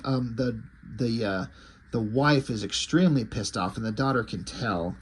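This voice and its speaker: Husky, rambling comic-book reviewer man. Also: medium pitch, expressive, measured pace. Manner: rambling, hesitant, enthusiastic.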